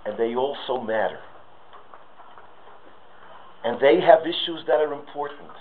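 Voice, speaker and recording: A man's voice: mid-range voice, expressive, measured pace. A man giving a sermon with stories, rising to impassioned pleas. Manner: storytelling, rises to impassioned pleas. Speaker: rabbi giving a talk. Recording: tinny phone-like audio.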